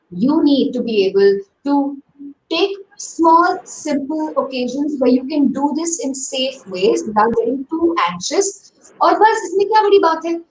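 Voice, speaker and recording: A woman giving an animated webinar talk on speaking, over a video call. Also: high voice, reverberant, recorded from a distance, slight background noise, rough recording. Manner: animated, demonstrates pace and tone with her own voice. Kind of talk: lively teaching talk.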